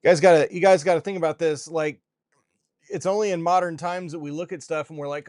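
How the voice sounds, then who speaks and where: A man's voice: a little high, fairly even intonation, fast, darkish tone, no echo, studio quality. A man hosting a commentary in a preaching style, emphatic and repeating phrases for stress. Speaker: host.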